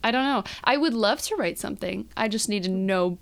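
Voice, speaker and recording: A woman who performs on stage, a guest in a casual interview, bubbly and quick to laugh and agree. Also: mid-range voice, animated, vocal fry.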